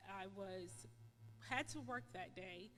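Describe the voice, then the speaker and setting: A woman's voice: medium pitch, fairly bright tone, a little hiss or hum. Emotional woman testifying in a reverberant church. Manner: emotional, halting, repeats words with many fillers. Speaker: church member giving testimony. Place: church sanctuary.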